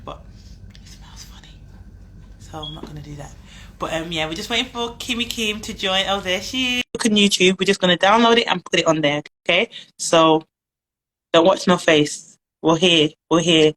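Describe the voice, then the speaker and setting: Bright, effusive British woman host. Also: lowish voice, rough recording. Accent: British English. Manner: chatty, effusive, slangy. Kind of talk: casual live-stream chat.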